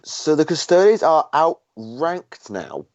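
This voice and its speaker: A man with a Barnsley accent chats casually as a podcast host, his pitch rising and falling freely. The sound is dry and lo-fi, with a dull top end. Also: huge pitch swings, takes it slowly, darkish tone, no room sound. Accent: Yorkshire (Barnsley). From England. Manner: conversational, asks questions, hums filler tunes. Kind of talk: casual chat.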